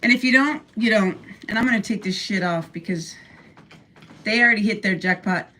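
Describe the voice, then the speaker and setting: A woman's voice: medium pitch, a little fast, pushed and bright. An older woman hosting a casual livestream from her room at home, blunt and profane as she rants. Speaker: livestream host.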